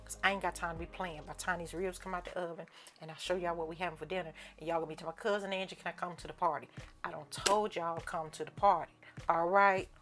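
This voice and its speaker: A woman hosting a home cooking video with a slightly low voice and folksy, playful hype. She calls her listeners honey and child, tosses in preachy amens, and a little music plays softly behind her. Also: fairly even intonation, fast. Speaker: cooking channel host. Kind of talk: casual cooking video chat.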